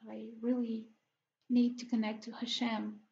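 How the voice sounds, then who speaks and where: A woman speaking in a personal video diary, earnest and halting, pausing often between phrases. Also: on the high side, level tone, vocal fry, warm tone, muffled recording. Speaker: vlogger.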